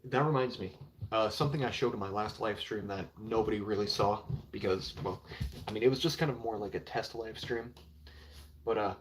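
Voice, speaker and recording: A man's voice: fairly low pitch, fairly quick, a little hiss or hum. A young man chatting casually on a live stream about comic books, rambling and filling with 'like' and 'you know'. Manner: rambling, heavy with filler words.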